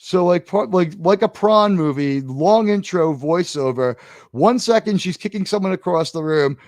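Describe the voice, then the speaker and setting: A man with a high voice hosts a live watch-party stream and rants at the screen with sarcasm and swearing. His voice is close and dry, with no room sound. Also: normal speed, no room sound. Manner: animated, sarcastic ranting with swearing. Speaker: show host. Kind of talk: livestream watch-party commentary.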